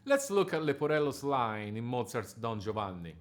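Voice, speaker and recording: A man delivering a measured, precise scripted lesson as a diction coach. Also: medium pitch, big pitch swings.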